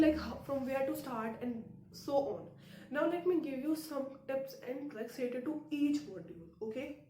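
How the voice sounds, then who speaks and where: A woman's voice: high-pitched, a little mellow, slight background noise. A woman giving a casual IELTS tutorial to her viewers, chatty and full of fillers and tag questions. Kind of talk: casual tutorial talk to camera. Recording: echoey room.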